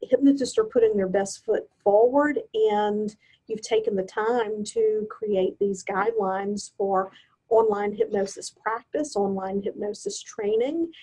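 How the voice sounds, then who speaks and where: A woman's voice: medium pitch, expressive, a little slow, dark tone, husky, poor audio. A woman guest on a podcast, speaking earnestly and with emphasis. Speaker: guest, nurse anesthetist and hypnosis instructor. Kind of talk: casual podcast chat.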